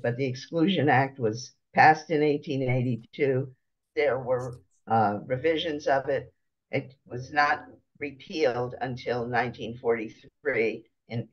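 Unhurried man lecturing over slides, lo-fi. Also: mid-range voice, husky. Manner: unhurried, pausing, explaining each picture.

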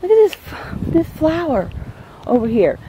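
A woman vlogger with a high, sing-song, warm voice talks at a measured pace while walking uphill on an outdoor neighborhood trail, a little out of breath. She chats casually and rambles, easily awed and gushing about the views. She films on a handheld camera that's sometimes turned away, and there's a little hiss or hum.

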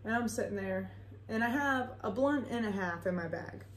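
A woman's voice: mid-range voice, lively intonation, moderate pace, slight background noise. A young woman telling a rambling, casual story with lots of fillers and frequent swearing. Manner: chatty, rambling, swears freely, filler-heavy. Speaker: vlogger. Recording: echoey room.

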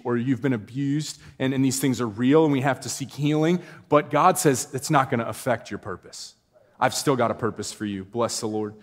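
Preacher in a reverberant church hall. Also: male voice, mid-range voice. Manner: storytelling, rising to emphatic exclamations. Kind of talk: sermon. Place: church sanctuary.

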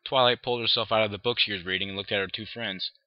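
A man's voice: on the low side, fairly even intonation, fast talker, dry recording, highs cut off. A man with a sore throat talking casually and reading fan fiction aloud, a bit hesitant. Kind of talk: casual vlog intro and story reading.

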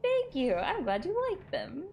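Giggly, excitable young woman streamer. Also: high-pitched, a little slow, gravelly. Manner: giggly, excitable, thanking chat. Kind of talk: casual gaming stream chat.

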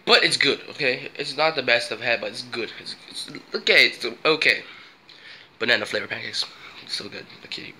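A young vlogger with a medium-pitched voice chats casually at a moderate pace, slangy, playful, and prone to exclaiming and rambling. He goes hushed and breathy while eating, then loud and playful when giving his review. The recording is rough, with slight background noise.

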